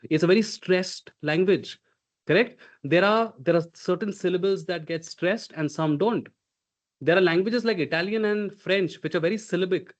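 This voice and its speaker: A man's voice: high-pitched, normal speed. A man coaching pronunciation in a live online workshop. He speaks emphatically, demonstrates sounds aloud and keeps checking in with "okay?". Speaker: communication coach.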